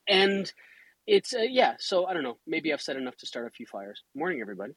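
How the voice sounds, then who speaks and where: Wry, halting man from Canada. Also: a little high, big pitch swings, a bit bright, slightly rough, no room sound, poor audio. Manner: halting, wry, tongue-in-cheek, with many restarts. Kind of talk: casual chat.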